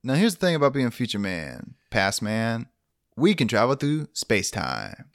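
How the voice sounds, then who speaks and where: A man playing a goofy time traveler from the future, talking slowly and dopily. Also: medium pitch, huge pitch swings, fairly bright tone, no echo, clean studio sound. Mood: dopey. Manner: slow, drawn-out, dopey delivery.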